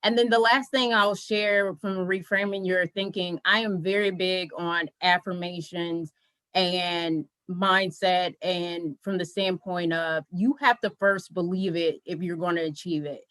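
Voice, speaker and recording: A woman on a panel giving brisk, encouraging career advice, listing steps one after another. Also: lowish voice, steady tone, a bit bright, no room sound, poor audio. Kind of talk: motivational advice.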